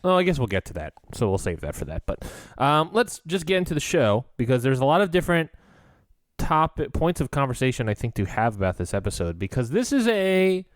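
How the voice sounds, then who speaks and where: A man co-hosting a podcast in casual chat, animated and rambling, laughing often as he talks. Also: mid-range voice, fairly quick, no room sound. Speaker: podcast co-host.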